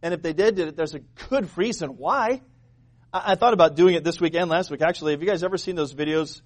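High-voiced joking pastor, a man. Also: fast talker. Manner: animated, joking, asks the congregation questions. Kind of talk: sermon.

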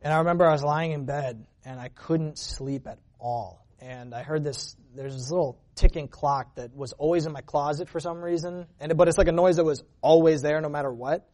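Man, slightly higher pitch, earnest conversational church testimony with frequent restarts. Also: moderate pace, hardly any pauses, darkish tone. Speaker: church member giving a testimony. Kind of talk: personal testimony storytelling.

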